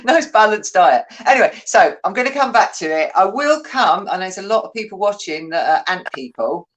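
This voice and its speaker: A woman hosting a casual interview, chatty and quick to laugh, often cutting in. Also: mid-range voice, very animated. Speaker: host.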